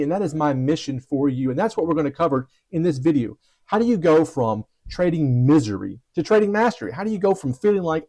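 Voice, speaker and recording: An earnest man gives a motivational talk to traders, telling a story along the way. His voice sits a bit higher than most men's. He sometimes stumbles and restarts a phrase before pressing on. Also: a little mellow. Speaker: trading coach.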